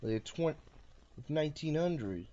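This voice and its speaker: A playful man hosting a casual card game duel, calling out each move with a lively, bouncing voice on the higher side. The recording sounds dull and lo-fi. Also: a little slow, heavy background noise. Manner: playful, narrating his moves. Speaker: host and card game player. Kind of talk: casual chat while playing a card game.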